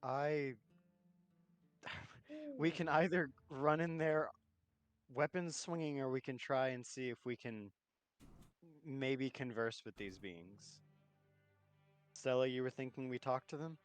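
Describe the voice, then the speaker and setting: A man plays a streamed tabletop game, weighing options in a measured, slightly hesitant way. His pitch sits in the middle, over faint background music. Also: lively intonation. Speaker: player.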